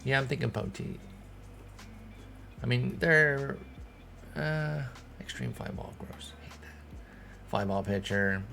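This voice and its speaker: A man's voice: mid-range voice, slow, creaky, pauses often, sharp tone, faint music behind. A man, thinking aloud in casual commentary as he manages a baseball team in a video game. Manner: thinking aloud, talking to himself and the players. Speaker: gaming streamer. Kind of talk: casual let's-play commentary.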